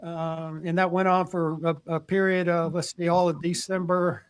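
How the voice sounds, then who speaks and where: An older man recounts his army days in a casual, plainspoken way, often repeating words as he restarts a sentence. His voice sits fairly high for a man. The sound is close and dry, with no room echo. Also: flat delivery, normal speed, clear, resonant tone. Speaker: retired army general, podcast guest. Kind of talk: casual storytelling interview.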